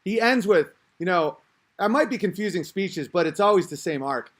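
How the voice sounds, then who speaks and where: High-voiced man ranting casually. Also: lively intonation, normal speed. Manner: rambling, crude, self-interrupting. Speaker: podcast host. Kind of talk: casual rant monologue.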